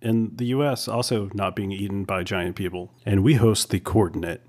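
A man hosting a podcast and reading its promo, dry and deadpan. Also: lowish voice, normal speed. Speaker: podcast host. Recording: loud music underneath.

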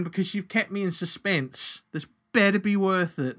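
A man co-hosting a comedy podcast, giggly and exasperated in quick banter. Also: sits high, a bit bright. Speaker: podcast co-host and narrator. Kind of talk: casual comedy podcast chat.

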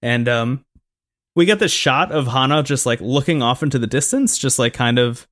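Brief: male podcast co-host, easygoing, middle pitch, dry close sound, chatty recap full of "like" and "um". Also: moderate pace, a bit bright, no room sound. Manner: filler-heavy, laid-back, recaps with quoted voices. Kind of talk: casual chat, recapping a show.

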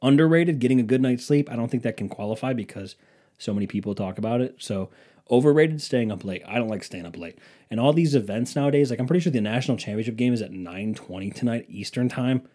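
A man's voice: medium pitch, expressive, fast, warm tone. A young man hosting a casual comedic rant, sarcastic and profane, slipping into mocking impressions of people.

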